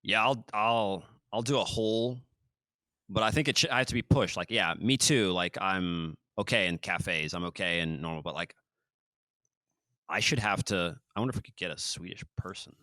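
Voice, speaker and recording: Deep-voiced and speaking at a normal speed, a man hosts a podcast in a dry recording. His talk is loose and rambling, and he often performs quotes with animation.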